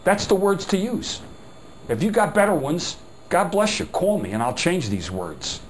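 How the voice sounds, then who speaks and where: Here a sales trainer lectures at a workshop, his voice sitting high with big pitch swings at a normal speed. He rambles in a loose, folksy way with many "you know" fillers and breaks into emphatic, exasperated remarks. The recording is rough, with slight background noise.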